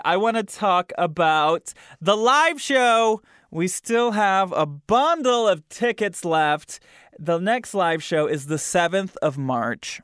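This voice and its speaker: A man's voice: fairly high pitch, a bit bright, clear, resonant tone, dry recording, clean studio sound. A man hosting a podcast, talking casually and with amusement to listeners, with many fillers along the way. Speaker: podcast host.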